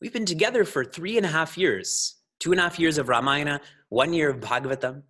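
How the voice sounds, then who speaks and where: Husky guy teaching scripture, jokey, laughs a lot, keeps asking the room questions. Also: on the high side, brisk, pushed and bright. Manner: playful, laughs often, asks the audience questions. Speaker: spiritual teacher. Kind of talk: scripture discourse to a congregation.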